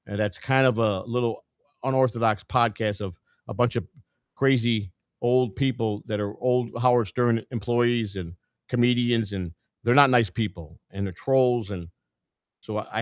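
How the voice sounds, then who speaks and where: A man's voice: mid-range voice, moderate pace, no room sound, clean studio sound. A middle-aged man from Chicago, a presidential candidate and podcaster, telling his story in a blunt, plain-spoken way and repeating words as he goes. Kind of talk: casual storytelling monologue.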